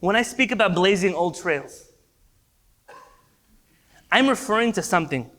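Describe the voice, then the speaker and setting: A man's voice: high voice, lively intonation, normal speed, long pauses, sharp tone. A male rabbi giving an evening class, earnest and impassioned, building emphasis through repetition.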